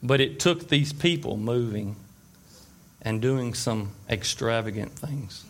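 Male preacher, relaxed storytelling sermon, asks the room questions. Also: medium pitch, slow pace, slight background noise. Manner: conversational storytelling with fillers and asides; checks in with the listeners. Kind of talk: informal sermon.

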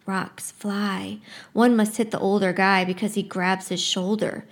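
A woman's voice: medium pitch, a little slow. Chatty woman giving a book talk. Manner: chatty, relaxed, frequent "like" quotes; expressive first-person reading. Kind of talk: casual book talk and read-aloud excerpt.

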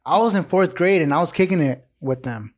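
A man's voice: on the high side, brisk. A man in his late twenties hosting a podcast, telling a story in casual street slang with lots of swearing. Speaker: podcast host.

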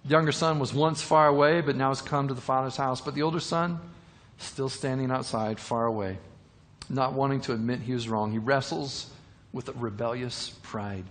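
A man's voice: mid-range voice, normal speed, a bit bright, in a large hall. A man preaching a sermon, retelling a parable with repeated words and rhetorical questions.

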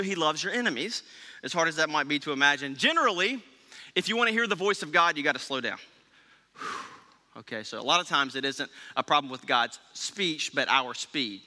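A male pastor gives a conversational sermon, stopping often to check in with his listeners. His voice sits high and rings very bright. It carries a long reverb from a large hall. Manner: conversational, checks in with "okay?" and "right?".

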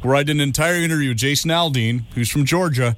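Fast-talking male radio host. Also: a little high, a bit bright. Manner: quick, joking, rambling with restarts. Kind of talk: casual radio chat.

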